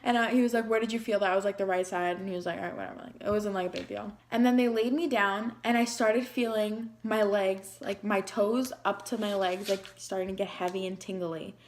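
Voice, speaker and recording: A woman's voice: medium pitch, fairly even intonation, fairly quick, hardly any pauses. Chatty young woman telling a personal story. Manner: chatty, emotional retelling full of "like". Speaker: beauty vlogger.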